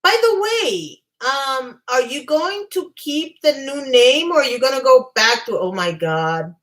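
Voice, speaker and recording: Woman, livestream host, higher-pitched voice, chatty and emphatic, casual commentary. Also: expressive, a little slow, fairly bright tone. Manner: chatty, emphatic, reacts to live chat.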